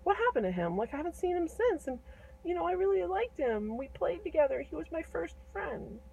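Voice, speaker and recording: A woman's voice: very high voice, very animated, brisk, vocal fry, darkish tone, a little hiss or hum, voice pushed up, full character voice, low-quality recording. A woman voicing a selfish, grumpy old male giant in a retold fairy tale, speaking in casual modern slang. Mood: wistful.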